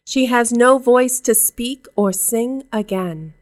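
A woman narrating a storybook aloud in a calm, measured way. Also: a little high.

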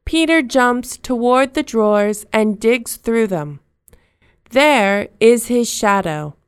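A woman narrating a children's storybook in simple, slow, clearly spoken sentences. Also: a little high, animated, dry recording, studio quality.

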